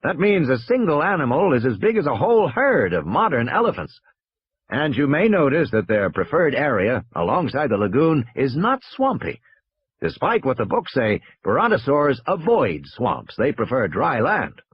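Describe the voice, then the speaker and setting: A man's voice: mid-range voice, huge pitch swings, moderate pace, husky, no room sound, muffled recording, pitched above the performer's own voice, exaggerated voice. A man reading a tour announcement recording. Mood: informative. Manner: informative, announcer-like. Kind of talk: audiobook reading.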